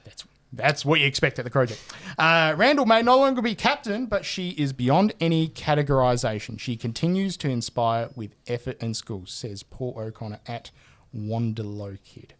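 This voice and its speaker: A man's voice: mid-range voice, normal speed, fairly bright tone. A man, hosting a casual podcast and reading out listener feedback with laughs and the odd swear. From Australia. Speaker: podcast host.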